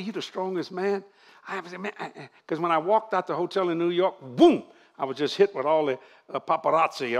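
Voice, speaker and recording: An older man preaching to a congregation, joking and laughing as he goes. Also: sits high. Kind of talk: church sermon.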